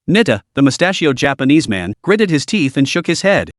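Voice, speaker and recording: A man narrating a web-novel audiobook in an expressive, dramatic storytelling manner. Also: fairly high pitch, moderate pace, hardly any pauses, no echo, clean studio sound.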